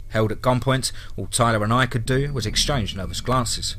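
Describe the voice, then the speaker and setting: A man's voice: medium pitch, moderate pace, a bit bright, slight background noise. A man telling a horror story aloud in a dramatic, tense narration style.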